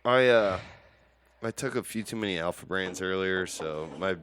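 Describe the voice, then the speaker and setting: A man's voice: sits low, moderate pace, noisy background. A man hosting a casual podcast, rambling and joking, swearing freely. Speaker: podcast host.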